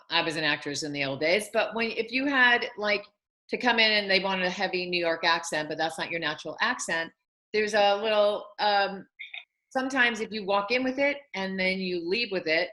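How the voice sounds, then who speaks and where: A woman's voice: medium pitch, normal speed, bright, forceful tone. A woman hosting an interview, asking long winding questions of a guest. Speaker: host and acting coach.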